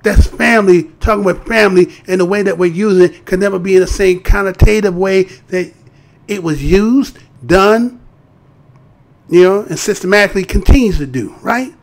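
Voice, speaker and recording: A man's voice: sits high, normal speed. A man hosting a live stream, giving heated, profane commentary and mocking voices. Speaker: live show host.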